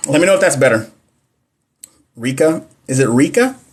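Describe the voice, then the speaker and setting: A man's voice: medium pitch, expressive, normal speed, slightly rough. A young man hosting a casual livestream, reading exam questions and answering chat in a playful, slangy way. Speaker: livestream host teaching nursing exam questions. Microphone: phone or computer mic on a live stream.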